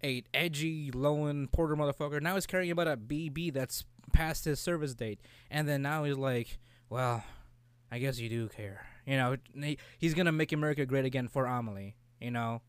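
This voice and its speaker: Young guy, rambling and profane game chat, smooth tone, acts out bits of dialogue. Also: fairly high pitch, no room sound. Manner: rambling, profane, acts out characters in quick voices. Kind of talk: casual chat about a video game.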